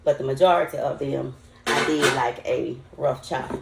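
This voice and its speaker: Very deep and carrying vocal fry, her voice keeps a moderate pace against heavy background noise. She's an older home cook with a Southern US accent, casually talking to vlog viewers as she cooks in a roomy, echoing kitchen.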